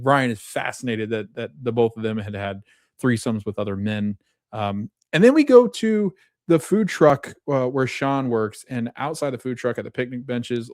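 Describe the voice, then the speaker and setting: A man's voice: medium pitch, dry recording, clean studio sound. A man hosting a podcast, casually recapping a TV episode, laughing often and quoting the characters in his own voice. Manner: laughs often while retelling scenes. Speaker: podcast host.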